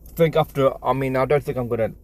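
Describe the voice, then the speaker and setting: Speaking quickly at a medium pitch, an English-accented man chats casually on a live stream from his phone. He stammers, repeats words, and rambles apologetically.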